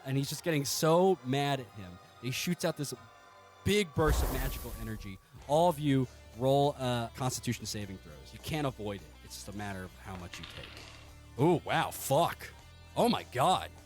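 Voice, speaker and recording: A man's voice: mid-range voice, expressive, normal speed, soft background music. A man running a tabletop game as game master, narrating in a rambling way full of fillers and laughs.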